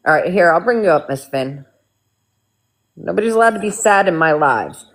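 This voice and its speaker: A woman's voice: lowish voice, animated, moderate pace. A woman in her fifties hosting a casual live stream chat, talkative and reassuring, calling her guests honey. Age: 50s. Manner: chatty, reassuring, calls people honey.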